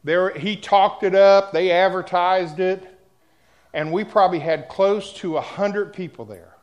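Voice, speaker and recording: A male preacher delivers his sermon at an unhurried, drawn-out pace. His voice sits high for a man, and he speaks directly to his congregation as he tells a personal story. His delivery swings between hushed and loud. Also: fairly even intonation, lo-fi sound.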